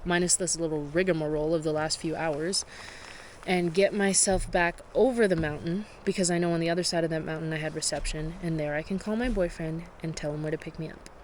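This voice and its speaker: A woman's voice: low voice, steady tone, fairly quick, rough recording. A tired woman narrating her solo cycling trip to camera, candid and reflective as she talks through her problems. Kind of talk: casual vlog narration to camera. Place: outdoors on a windy gravel road. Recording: outdoor wind noise on the mic. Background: wind and outdoor noise.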